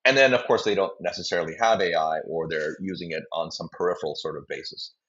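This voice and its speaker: A man's voice: low voice, fast talker, a bit bright, highs cut off. A man, a company CEO, answering interview questions at length, rambling and acting out voices he quotes. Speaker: biotech company CEO, guest.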